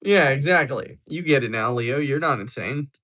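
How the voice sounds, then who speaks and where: A man's voice: mid-range voice, expressive, normal speed, sharp tone. A young man hosting a livestream, chatting casually and joking as he answers viewers. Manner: joking, rambling replies to chat. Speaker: livestream host.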